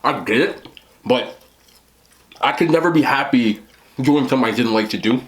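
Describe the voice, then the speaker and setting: A man's voice: mid-range voice, normal speed. A young man who vlogs about eating, chatting casually as he eats on camera, often talking with a mouthful and rambling. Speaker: mukbang vlogger.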